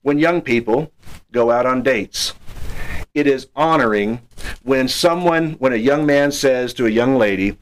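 A man's voice: medium pitch, normal speed, low-quality recording. Man preaching an earnest sermon.

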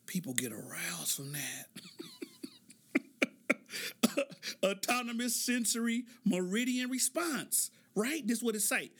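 Bright, high-pitched joking man. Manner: joking, loose storytelling with laughs. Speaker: podcast host. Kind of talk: casual comedic monologue.

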